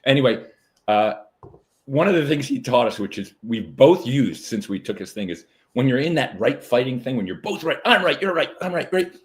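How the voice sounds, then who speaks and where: A middle-aged man talks casually as a comedian guest, stopping and restarting his sentences with lots of fillers. His pitch bounces around a lot as he tells his stories. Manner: animated, halting with many fillers and restarts. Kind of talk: casual interview chat.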